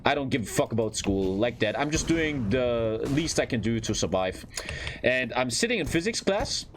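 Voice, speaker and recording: A man's voice: mid-range voice, normal speed, background noise. A man with a German accent, a streamer telling a personal story in casual, swearing, repetitive style while gaming. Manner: animated, swears often, repeats phrases for emphasis.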